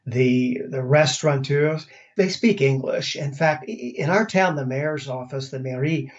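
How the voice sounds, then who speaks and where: A man from the United States talks easily, sharing experiences in an unhurried storytelling flow with occasional restarts. His voice sits at an ordinary middle pitch. The recording is slightly dull and lo-fi. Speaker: interview guest. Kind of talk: casual conversation.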